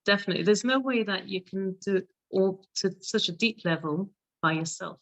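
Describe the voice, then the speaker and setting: A woman's voice: medium pitch, moderate pace, a bit bright, dry recording. Emphatic London woman, dry sound. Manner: emphatic, affirming, speaks with conviction. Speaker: hypnotherapist guest. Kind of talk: casual interview chat.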